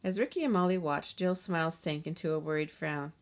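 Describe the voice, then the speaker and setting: Woman reading a children's story aloud, lowish voice. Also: fairly quick. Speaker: narrator.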